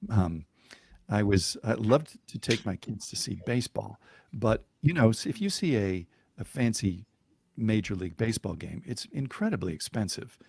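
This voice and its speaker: A man telling a story on a podcast in a lively, chuckling way, with fillers and restarts along the way. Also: fairly low pitch, moderate pace, gravelly, slightly rough. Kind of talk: conversational storytelling.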